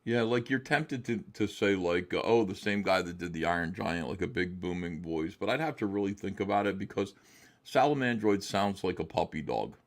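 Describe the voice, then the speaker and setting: A man's voice: low-pitched, normal speed. A man chatting casually as a guest on an interview show, rambling and hesitant with many fillers. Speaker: guest comic artist.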